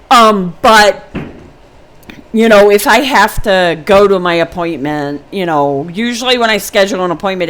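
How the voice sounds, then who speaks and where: A woman in her fifties talks casually and frankly to camera for her personal vlog, rambling with many ums and restarts. Her voice is on the low side, fairly bright, clear and resonant.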